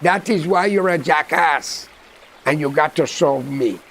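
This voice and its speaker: A greedy, scornful fat pig voiced by a man with a Guyanese accent. The voice sits high with a rough creak, and the pig is bossy and ungrateful in a spoken fable. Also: measured pace, fairly bright tone, slight background noise.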